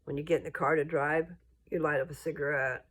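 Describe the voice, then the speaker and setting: An older woman ranting bluntly to her viewers, scolding and rambling, with her voice jumping up into high indignant peaks. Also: steady tone, brisk, a bit bright. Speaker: vlogger. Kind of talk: casual rant to camera.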